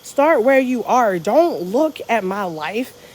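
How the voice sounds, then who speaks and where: Brief: American woman, energetic and foul-mouthed, motivational live-stream host. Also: fairly high pitch, slow pace. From United States. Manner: energetic, profane, preachy, reads viewer comments aloud. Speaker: travel vlogger. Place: hotel room abroad.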